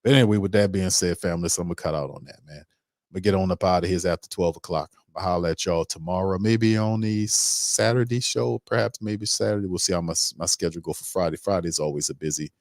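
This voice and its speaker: A man's voice: deep voice, fast talker, darkish tone, dry recording, clean studio sound. A man hosting a sports podcast, ranting emphatically in casual slang with heated repetition. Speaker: podcast host.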